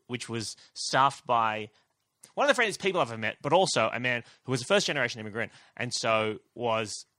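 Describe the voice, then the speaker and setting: A man's voice: mid-range voice, lively intonation, a little fast, bright, forceful tone, no room sound, clean studio sound. A man telling rambling comic stories on a podcast and swearing freely. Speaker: podcast co-host. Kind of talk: casual comedy podcast chat.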